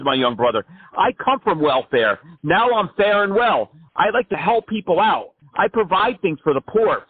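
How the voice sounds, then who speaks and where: A man doing a pompous small-time candidate who rambles through an absurd campaign pitch. His voice sits high and husky, squeezed through a thin, phone-like line with no room around it. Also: no echo. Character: self-important male fringe politician, a smooth-talking blowhard. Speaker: prank caller.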